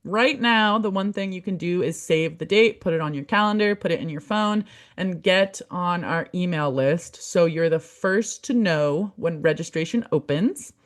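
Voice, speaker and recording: Female podcast host, young adult, lowish voice, earnest and encouraging delivery. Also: moderate pace, few pauses. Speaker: podcast host, community manager. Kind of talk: heartfelt podcast monologue.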